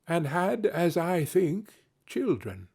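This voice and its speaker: A man voicing a gentle, solemn spirit, speaking quietly and in a measured way in a storybook reading. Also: fairly high pitch, very animated, breathy edge, voice pushed up, full character voice.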